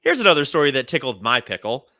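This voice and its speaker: A man co-hosting a casual comedy podcast with a bright, forceful voice that swings all over the place. He tells comic news stories and acts out quotes in a lively, animated way. The sound is close and dry. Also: medium pitch, fast, dry recording. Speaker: podcast co-host.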